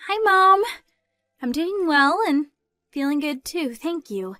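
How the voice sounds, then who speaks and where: A woman voicing a sweet, gentle pregnant young woman who speaks softly and a little hesitantly in a dramatized story. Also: sits high, animated, slow pace, no echo, studio quality, faint music behind, pitched above the performer's own voice, full character voice.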